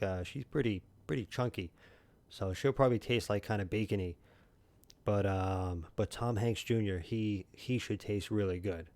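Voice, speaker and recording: A man's voice: on the low side, darkish tone, no room sound. A man streaming a video game from home, joking and rambling as he chats with his viewers by name. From New York. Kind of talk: casual gaming stream chat.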